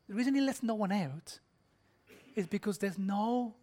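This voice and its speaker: Man, preacher, sermon, fairly high voice, blunt, whispers then shouts. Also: measured pace. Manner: swings from hushed whispers to shouted intensity; blunt and confrontational, quizzes the congregation.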